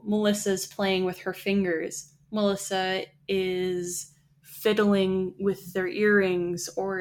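A woman co-hosting a relaxed podcast chat, explaining things at length. She talks in a loose, conversational way, often restarting her sentences. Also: mid-range voice. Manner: explanatory, chatty, with many restarts. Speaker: podcast co-host. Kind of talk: casual chat about writing.

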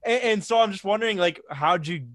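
A man interviewing a band, asking relaxed, enthusiastic questions. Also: high voice, fairly quick, crowd noise.

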